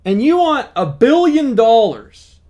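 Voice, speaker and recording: High-voiced man coaching on manifesting. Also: big pitch swings, slow, dark tone, highs cut off. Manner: earnest, explaining step by step with repeated emphasis. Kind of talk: motivational teaching monologue.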